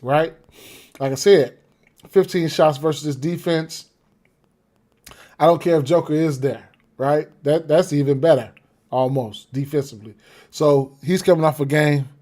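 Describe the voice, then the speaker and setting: A man's voice: fairly high pitch, dark tone. A man talking through sports bets casually, rambling with repeated fillers and frequent "right?" check-ins. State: has the hiccups. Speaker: sports betting podcaster. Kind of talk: casual betting analysis talk.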